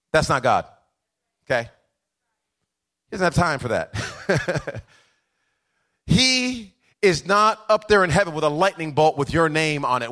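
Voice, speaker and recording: A man preaching a sermon, moving between quiet conversational asides, chuckling stories and a rising, rhythmic preacher's cadence. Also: a little high. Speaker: pastor.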